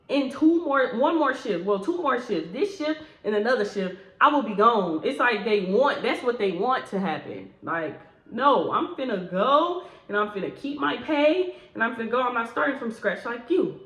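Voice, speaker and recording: A woman casually telling a workplace story in a slangy, animated way, acting out what people said with sudden jumps in pitch and volume. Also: moderate pace, echoey room, poor audio. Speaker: storyteller recounting a workplace incident.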